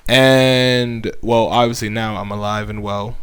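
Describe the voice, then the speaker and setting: A man's voice: fairly low pitch, fairly even intonation, a little slow, clean tone. A young man, a YouTuber, speaking earnestly and conversationally as he shares a personal faith testimony. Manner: earnest, heartfelt, conversational with frequent fillers. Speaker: YouTuber sharing his faith.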